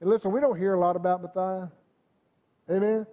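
A man's voice: sits high, steady tone, fairly quick, lo-fi sound. A man preaching a sermon, talking conversationally and often asking the congregation "amen?". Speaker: pastor.

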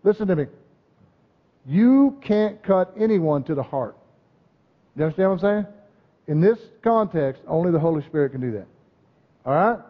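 A man preaching a sermon, emphatic, often asking the congregation "amen?" and "right?". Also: sits high. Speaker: pastor. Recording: dull muffled sound with long hall reverb.

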